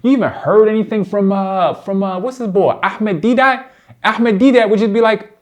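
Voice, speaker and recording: Brief: man with a higher voice, indignant commentator, lectures bluntly, swings from low muttering to loud outbursts. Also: moderate pace. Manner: addresses his target directly, slangy and blunt. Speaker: commentator responding to a debate. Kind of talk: heated reaction commentary.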